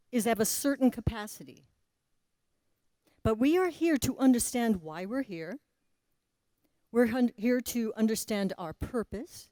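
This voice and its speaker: A woman gives a spiritual talk with a fairly high but mellow voice. She takes her time, pausing and letting her voice sink to a near hush. The sound is dry and close. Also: dry recording. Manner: asks the audience questions. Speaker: spiritual teacher. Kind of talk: spiritual talk to a live audience.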